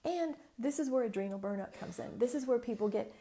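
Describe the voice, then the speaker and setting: A woman hosting a casual solo podcast, chatty and animated as she tells a client story. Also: fairly high pitch, a little fast. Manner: chatty and animated, acts out voices in quotes. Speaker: business mentor and podcast host.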